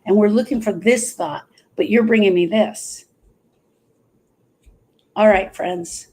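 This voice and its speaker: Husky-voiced woman coaching on grief. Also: fairly high pitch, darkish tone. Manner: earnest, repeats phrases for emphasis. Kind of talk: live-stream talk.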